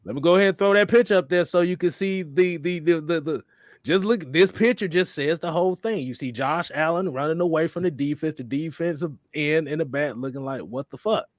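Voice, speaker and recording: A man hosting a casual sports talk show, animated and profane, often laughing as he talks. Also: a little high, a little fast, dry recording, clean studio sound. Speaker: podcast host.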